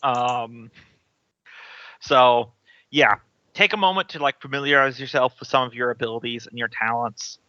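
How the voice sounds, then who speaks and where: A man's voice: mid-range voice, normal speed, sharp tone, dry recording, highs cut off. A man running an online tabletop game as game master, patiently explaining the rules with frequent restarts.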